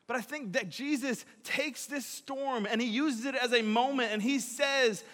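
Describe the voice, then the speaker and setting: A young man preaching a casual, energetic sermon, chatty and full of fillers, swinging between loud and quiet. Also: very high voice, unhurried, few pauses. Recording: reverberant hall.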